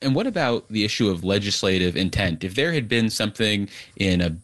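A man hosting a public radio interview, setting up long questions in a measured way with some fillers. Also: on the low side, very animated, a bit bright, dry recording. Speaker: radio host.

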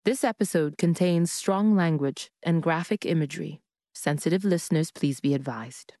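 A woman from Kenya, hosting a podcast in a measured, intimate storytelling manner. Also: deep voice, warm tone, no echo, clean studio sound. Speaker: podcast host. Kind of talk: scripted podcast narration.

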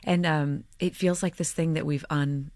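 A woman from Oklahoma, a stage actor being interviewed, chatting in an animated way full of fillers. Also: low-pitched, normal speed, dry recording. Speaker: guest actor. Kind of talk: casual interview talk.

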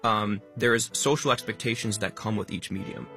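A man being interviewed as a guest, explaining ideas quickly and stressing many words. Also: lowish voice, sharp tone, soft background music. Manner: fast talker who stresses many words. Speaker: guest, online educational creator.

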